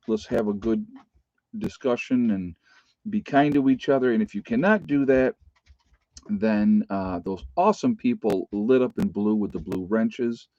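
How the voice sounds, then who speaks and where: A warm, low-leaning voice belongs to a middle-aged man hosting a casual livestream from a rural home. He rambles in a folksy manner with many fillers, and the audio is dull lo-fi stream quality.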